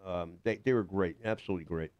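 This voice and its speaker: A man's voice: sits low, quick pace, darkish tone, dry recording. An older man, a guest actor on a radio show, telling rambling stories in casual talk, with many fillers and restarts. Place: radio studio.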